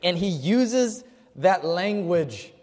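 A male pastor with a fairly high voice preaches to his congregation, often putting questions to them. His delivery moves from ringing emphasis down to near-hushed asides. The sound carries a long hall echo from the church. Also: lively intonation, slow pace. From Chinese family. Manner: asks the audience questions, swings between loud and hushed. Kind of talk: sermon. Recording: hall reverb.

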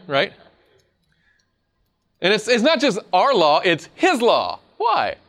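A man preaching a sermon in an animated, conversational way, often laughing at his own points. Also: high voice, slow pace, long pauses.

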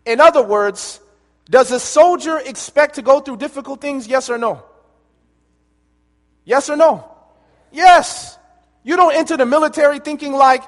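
A man preaching a sermon, telling lively stories and calling for answers from the listeners, heard with long hall reverb. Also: extremely high pitch, a little slow, pauses often. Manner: lively storytelling, calls for audience answers.

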